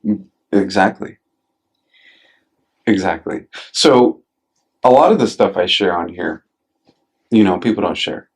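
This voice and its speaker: A man's voice: low-pitched, expressive, unhurried, pauses often, husky. A man hosting a podcast in a casual chat. He tells stories with many fillers and swears now and then, and acts out quotes in a raised voice. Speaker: podcast host.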